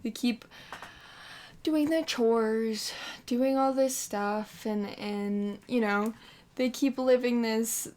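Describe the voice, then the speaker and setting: Woman, casual game commentator, rambling and chatty with lots of fillers, fairly high voice. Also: steady tone, slow pace, a little mellow, a little hiss or hum. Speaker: gameplay commentator.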